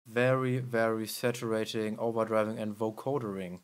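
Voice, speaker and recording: A man hosting a music production tutorial, explaining in a halting way with many fillers. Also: lowish voice, level tone, heavy background noise.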